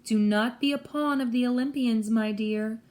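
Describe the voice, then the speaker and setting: A woman voicing a vicious old female monster who coaxes in a slow, purring voice. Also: fairly high pitch, steady tone, darkish tone, close to an everyday voice. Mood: coaxing. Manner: slow purring coax that turns to snarls.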